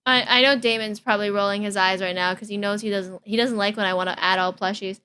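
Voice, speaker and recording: A woman's voice: mid-range voice, steady tone, fast talker, pushed and bright, smooth. A young woman streaming live, chatting casually in a bubbly, giggly, easily distracted way.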